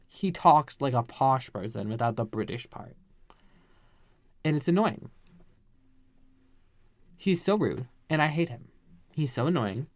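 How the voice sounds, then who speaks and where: A man's voice: medium pitch, a little mellow, no echo. Man, podcast host, casual recap, slangy rants, dry close sound. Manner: chatty, slangy, ranting.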